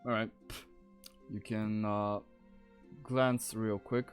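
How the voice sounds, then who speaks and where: Slow-talking male game master. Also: fairly low pitch, little pitch movement, faint music behind. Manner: unhurried, laughs often. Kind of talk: narrating a tabletop game.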